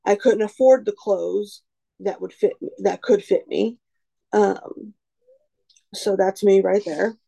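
A woman's voice: mid-range voice, steady tone, slow, creaky, dark tone, poor audio. A woman in her twenties gives a candid personal testimony in a frank, self-deprecating way, rambling with lots of "you know" and "um". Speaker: recovery speaker sharing her story.

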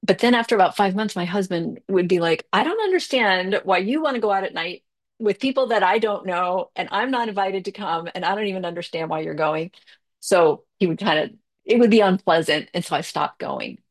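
Candid middle-aged woman sharing her story. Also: mid-range voice. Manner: candid, conversational, many fillers, quick bursts and slow stretches. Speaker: recovery meeting speaker. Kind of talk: personal recovery share.

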